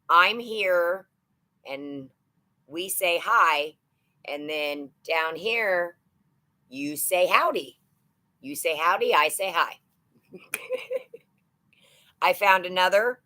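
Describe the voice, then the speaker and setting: A woman's voice: lowish voice, bright, forceful tone. A woman in her thirties hosting a casual live stream, chatty and playful as she greets viewers by name. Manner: chatty and playful, rambling with fillers. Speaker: live-stream host of a shopping channel.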